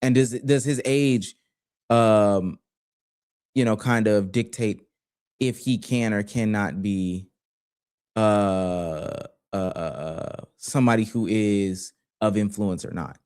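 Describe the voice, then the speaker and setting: A man with a slightly low voice hosts a casual livestream. He reads out viewer questions and brings callers in, in an easygoing manner. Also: takes it slowly, smooth. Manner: relaxed, talks through viewer questions. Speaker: host.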